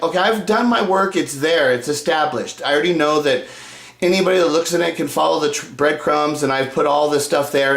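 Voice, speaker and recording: Man, high-pitched voice, cursing rant, combative, loud then muttering, roomy echo. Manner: profane, combative, swinging between loud outbursts and low muttering. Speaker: YouTuber. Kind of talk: angry video rant to fans.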